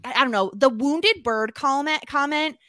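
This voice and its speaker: A woman's voice: high voice, moderate pace, dry recording, studio quality. A woman talking in casual podcast chat, chatty and full of fillers. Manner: chatty, filler-heavy, animated. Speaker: podcast guest.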